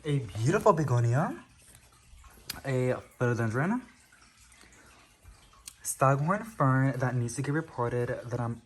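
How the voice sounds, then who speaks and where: In a medium-pitched voice, a houseplant channel host gushes through a casual tour of the living room plants with frequent exclamations, recorded at home on a handheld camera.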